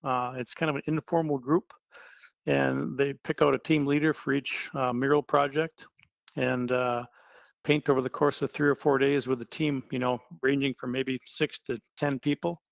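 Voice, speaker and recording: A middle-aged man from Wisconsin answering interview questions in a loose, rambling way, full of fillers and restarts. His voice is heavily gravelly with constant vocal fry. The sound is dry and close, with no room around it. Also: mid-range voice, moderate pace, dry recording. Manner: relaxed, rambling with many fillers. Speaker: interview guest, sign painter. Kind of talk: casual phone-style interview.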